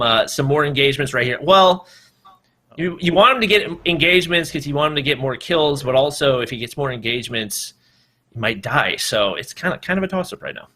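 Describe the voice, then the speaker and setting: Male esports caster, slightly high, bright tone; relaxed explainer of gameplay. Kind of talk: live esports commentary.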